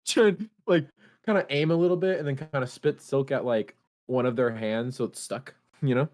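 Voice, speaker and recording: A man's voice: mid-range voice, moderate pace. A man playing a tabletop role-playing game, describing his hero's moves casually and laughing often. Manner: laid-back, laughing, animated. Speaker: player.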